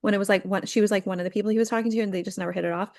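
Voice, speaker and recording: A woman's voice: medium pitch, racing, no room sound, studio quality. A young woman co-hosting a podcast, chatting casually about reality TV and acting out people's quotes in a run of "like"s. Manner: chatty, animated, acts out quotes with lots of "like". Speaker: podcast co-host. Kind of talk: casual chat recapping reality TV.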